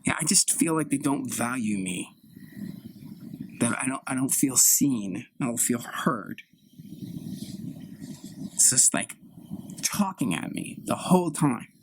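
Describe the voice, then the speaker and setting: A man's voice: mid-range voice, lively intonation, slow, long pauses, a little hiss or hum, poor audio. A man improvising an anxious young woman complaining to her mother. She halts and repeats herself in a plaintive way. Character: anxious young woman, insecure and aggrieved daughter. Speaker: improv performer. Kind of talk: solo improv scene.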